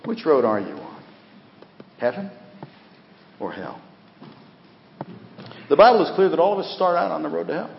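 Middle-aged pastor preaching in a hall. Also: male voice, on the high side, wildly swooping pitch, moderate pace, vocal fry, pauses often, muffled recording, slight background noise. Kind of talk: sermon. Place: church sanctuary.

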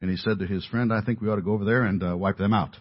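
A man delivers an earnest sermon in a low, husky voice. He leans hard on key words and builds to emphatic peaks. The recording sounds dull and lo-fi. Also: fairly even intonation, very fast. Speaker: preacher. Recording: dull lo-fi audio.

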